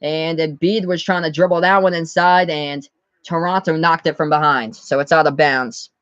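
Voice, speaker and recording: A man from the US Northeast giving live play-by-play commentary on his stream, calling the score briskly and talking to his chat. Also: on the high side, fairly even intonation, fairly bright tone, dry recording, dull audio.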